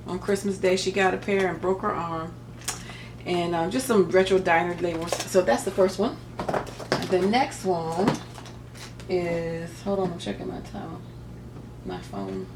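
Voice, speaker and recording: A middle-aged woman with a medium-pitched voice chats casually through a craft paper haul, rambling and tossing in joking asides. She's a crafting vlogger doing a relaxed show-and-tell, and there's background noise in the recording.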